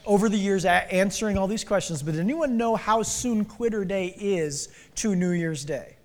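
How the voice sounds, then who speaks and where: A man's voice: sits high, moderate pace. A man in his forties preaching an interactive sermon, joking with the congregation and calling on people by name. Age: 40s. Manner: playful, calls on the congregation by name. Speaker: pastor. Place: church sanctuary. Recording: reverberant hall.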